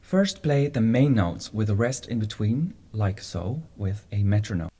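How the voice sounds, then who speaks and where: Calm male instructor, mellow husky tone, steady explanatory delivery. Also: fairly low pitch, unhurried. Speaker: music teacher. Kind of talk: instructional video lesson.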